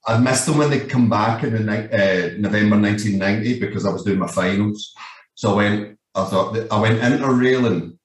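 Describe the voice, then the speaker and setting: A low-voiced Scottish man in his fifties rambles through a story, swearing as he goes and checking in with "you know what I mean". He sounds set back from the microphone, and the room rings around him. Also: fairly quick. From Scotland. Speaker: guest. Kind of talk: casual storytelling. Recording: echoey room, distant mic.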